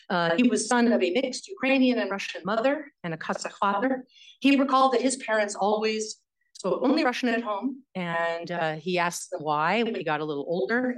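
A woman history professor giving an academic lecture, speaking in a measured way with frequent fillers and self-corrections. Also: medium pitch, rough recording.

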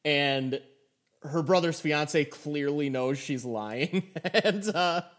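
A young man with a fairly high voice co-hosts a casual podcast chat. He is excitable and quick to laugh, tripping over himself with enthusiasm as he recaps what he watched. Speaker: podcast co-host.

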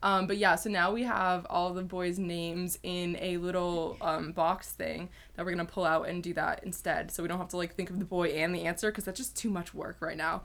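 A woman's voice: lowish voice, flat delivery, moderate pace, creaky, hardly any pauses, a bit bright. Giggly young woman chatting. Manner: giggly, rambling with fillers. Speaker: co-host. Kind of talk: casual chat.

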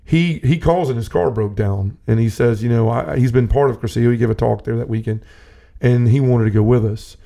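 A man's voice: medium pitch, a little fast, vocal fry, mellow. A man telling a personal faith story in casual conversation, earnest and rambling with many restarts. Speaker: podcast host. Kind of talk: personal testimony in casual talk.

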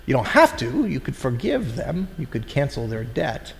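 A man's voice: on the high side, big pitch swings, normal speed, gravelly, hardly any pauses, a bit bright, long reverb tail. A man preaching a sermon in a conversational way, acting out the voices of people in the story. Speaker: pastor.

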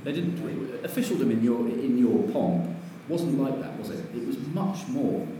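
A man's voice: mid-range voice, lively intonation, unhurried. Distant male interviewer, echoey room. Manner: conversational, prompting. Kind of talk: interview questions. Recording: echoey, distant from mic, noisy.

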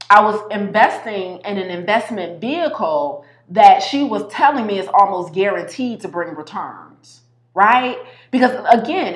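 A woman giving a casual motivational talk, animated and full of slang, repeating herself and restarting sentences. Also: mid-range voice, reverberant. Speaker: health coach.

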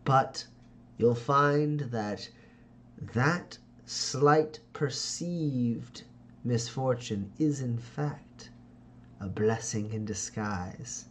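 A man voicing a scheming, smooth-talking older noble father who speaks in a formal, falsely warm way. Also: medium pitch, very slow, a little hiss or hum. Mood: courtly.

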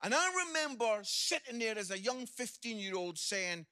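High, bright Scottish preacher man. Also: normal speed, hardly any pauses. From Scotland. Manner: jokey, animated, lively anecdotes. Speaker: visiting preacher and comedian. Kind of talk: humorous sermon storytelling.

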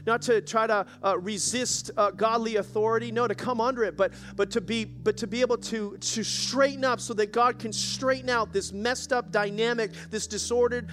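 A man preaching in a church service, urging his congregation on and calling for amens. His voice sits high for a man. A faint hum runs underneath. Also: steady tone, moderate pace, hardly any pauses, fairly bright tone. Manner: exhorting, calls for audience response. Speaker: pastor. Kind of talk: sermon.

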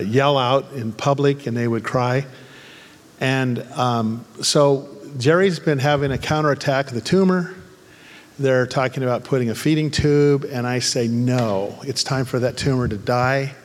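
Fervent pastor in a reverberant hall. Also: male voice, mid-range voice. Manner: humorous storytelling turning to fervent, angry exhortation. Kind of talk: sermon.

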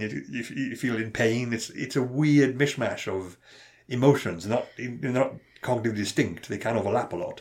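A man co-hosting a podcast, telling stories quickly and acting out quotes, often laughing. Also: medium pitch. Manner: fast, animated storytelling with acted-out quotes and frequent laughs. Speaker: podcast co-host. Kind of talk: casual chat.

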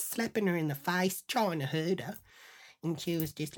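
A woman with a notably low voice tells a comic story for her podcast. She is crude and profane and sounds thoroughly indignant. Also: animated, moderate pace. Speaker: podcast host. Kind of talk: comedic storytelling monologue.

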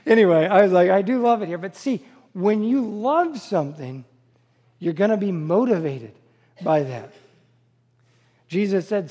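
A middle-aged man preaching a sermon and telling a story with animated enthusiasm. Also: sits high, normal speed, in a large hall. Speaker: pastor.

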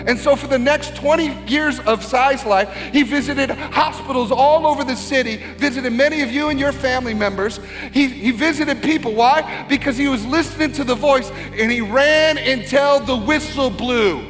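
A middle-aged man preaching a sermon as a pastor, earnest and building to a shouted exhortation. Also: extremely high pitch, moderate pace, hardly any pauses. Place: church sanctuary. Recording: long hall reverb with faint music.

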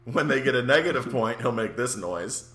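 A man's voice: medium pitch, animated, normal speed, a crowd in the background. A man hosting a comedy game show podcast, with a profane, exasperated manner. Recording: roomy echo with faint hum.

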